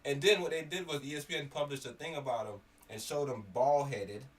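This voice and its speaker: A man from Miami telling stories in casual chat, animated and swearing, getting loud when worked up. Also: medium pitch, brisk. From Miami area. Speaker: podcast co-host. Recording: slightly distant mic, faint background noise.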